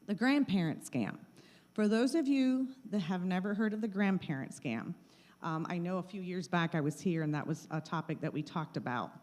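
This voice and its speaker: A woman's voice: on the low side, moderate pace, a little mellow. A middle-aged woman giving a live talk on scams to an audience, with plain, repeated warnings, speaking into a handheld mic in a meeting room. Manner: plain, repetitive warnings, acts out scam calls. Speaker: presenter of a scam-awareness talk.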